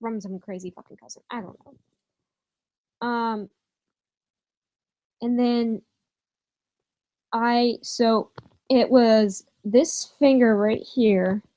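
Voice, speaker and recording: Young female vlogger, casual storytime straight to camera, slightly higher voice, candid and profane. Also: takes it slowly, long pauses, dull audio. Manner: candid and animated, with frequent swearing and fillers.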